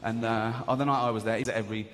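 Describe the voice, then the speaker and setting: A man doing stand-up, telling a story in an animated way and acting out other people's voices. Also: mid-range voice, quick pace. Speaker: stand-up comedian. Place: comedy stage. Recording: live stage, hall reverb, faint ambience.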